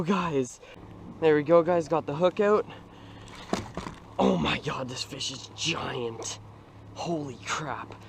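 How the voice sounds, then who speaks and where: Excitable young man fishing from a kayak. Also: fairly high pitch, a little hiss or hum. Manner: excitable, exclaiming, swings between hushed murmurs and shouts. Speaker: fishing vlogger. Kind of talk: excited outdoor vlog commentary. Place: on a kayak on open water outdoors.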